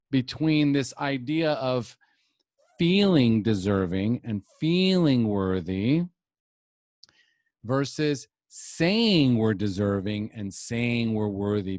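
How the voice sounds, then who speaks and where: A podcast host with a lowish voice, recorded with no room sound, runs a show about recovery. He speaks earnestly and reflectively in long, thoughtful stretches, almost like mini-lectures.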